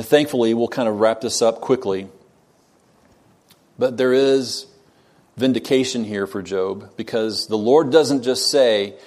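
Male preacher, mid-pitched, earnest expository sermon, emphatic, asks the room questions. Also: a little mellow. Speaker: pastor.

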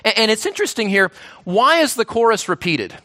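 A man preaching a sermon as pastor, earnest, repeating himself and dropping to a hushed voice on key lines. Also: high voice, sing-song, brisk, no echo, studio quality.

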